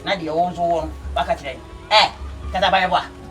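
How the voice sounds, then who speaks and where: Actor as a chatty village man, high voice for a man, mic set back, music under. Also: fairly even intonation, fast, close to an everyday voice. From Ghana. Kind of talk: film drama dialogue. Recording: distant mic with film score.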